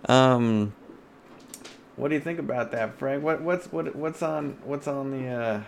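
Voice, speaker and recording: A man's voice: mid-range voice, a little slow, creaky, slight background noise. A man co-hosting a casual podcast over a video call, rambling with many fillers and restarts. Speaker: podcast co-host.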